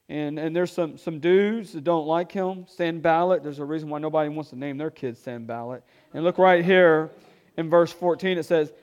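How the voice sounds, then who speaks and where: A male pastor preaching with rising energy, calling on the congregation to answer back. His voice sits a little high, and he drops quieter when he tells a story. The church recording sounds slightly dull. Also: clear, resonant tone. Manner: energetic preaching with call-and-response; drops to hushed tones when telling a story. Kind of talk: sermon.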